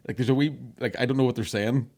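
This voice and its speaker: A man with a Northern Irish accent, a guest on a comedy podcast, trading dry, sweary jokes. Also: mid-range voice. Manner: deadpan jokes, laughing, swearing. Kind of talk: casual comedy banter.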